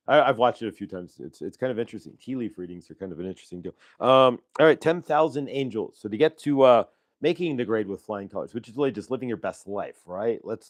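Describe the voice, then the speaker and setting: A man's voice: mid-range voice, no room sound. A man hosting a spiritual livestream, chatting casually with viewers and reading oracle cards, rambling with lots of fillers and friendly asides. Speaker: host of a channeling and card-reading livestream.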